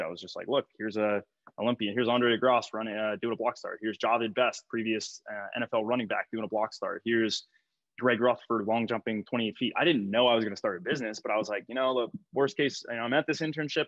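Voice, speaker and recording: A man's voice: lowish voice, a bit bright, dry recording, dull audio. Man, young adult, casual podcast guest, filler-heavy, dry sound. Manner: rambling, many fillers, laughs easily. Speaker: strength coach, guest.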